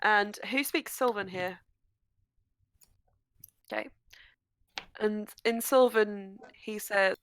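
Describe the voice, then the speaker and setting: A woman narrating as game master of a tabletop game, chatty and quick to laugh. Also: mid-range voice, a bit bright, smooth, no echo.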